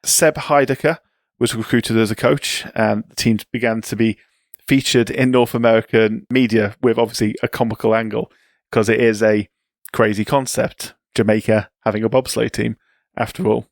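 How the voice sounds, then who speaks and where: A man co-hosting a podcast, telling sports history in a relaxed, chatty way with asides. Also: lowish voice, moderate pace, dry recording, clean studio sound. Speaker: podcast co-host. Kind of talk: casual chat.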